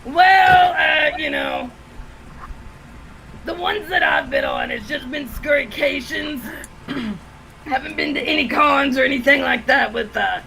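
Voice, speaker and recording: High, bright-voiced woman telling stories. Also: slow, gravelly, long pauses, a little hiss or hum, rough recording. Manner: animated, loud, laughs through stories, swears. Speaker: haunted attraction actor, guest. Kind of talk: casual storytelling chat. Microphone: video call.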